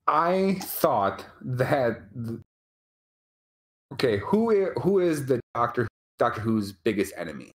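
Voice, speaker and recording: An American man co-hosting a casual chat, rambling and halting with many restarts. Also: mid-range voice, big pitch swings. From United States. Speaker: co-host.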